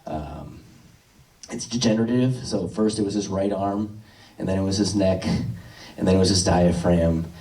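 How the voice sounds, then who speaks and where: A man's voice: sits low, normal speed, warm tone, reverberant, distant mic. A man doing a stand-up comedy set, rambling and dry, with lots of stammered restarts. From Worcester, USA. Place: comedy club stage.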